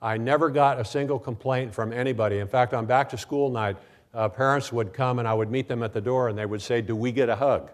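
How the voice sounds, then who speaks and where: An older man addressing a conference audience, recounting his years in the classroom in a relaxed storytelling way. His pitch sits in an ordinary middle range, and he slips into quoted voices of students and himself as he goes. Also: brisk. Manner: storytelling, acts out quoted voices, frequent "okay, now". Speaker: speaker at a conference. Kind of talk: keynote talk with anecdotes.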